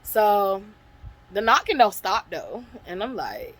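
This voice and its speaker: A woman tells a personal story straight to her audience in a loose, casual monologue. She talks bluntly and swears freely, with lively emphasis. Her voice sits at a medium pitch for a woman. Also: slow pace, rough recording. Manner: blunt, profane and animated. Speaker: storytelling vlogger.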